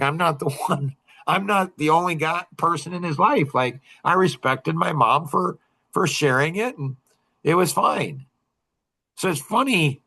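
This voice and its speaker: A man's voice: mid-range voice, pushed and bright. A middle-aged man leading a young men's group talk, rambling with many restarts and fillers.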